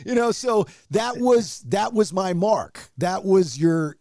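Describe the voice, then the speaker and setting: A radio personality guests on a podcast and tells a heartfelt story, rambling and restarting, openly emotional. His voice is mellow and a little high. The sound is dry and close. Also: animated, takes it slowly, no room sound. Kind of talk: casual storytelling chat.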